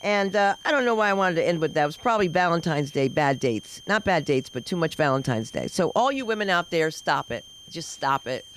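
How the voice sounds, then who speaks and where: Animated woman comic at an open mic. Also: deep voice, a little fast, few pauses, a little hiss or hum, rough recording. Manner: loud, animated storytelling with sudden shouts. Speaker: stand-up comic. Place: comedy club stage.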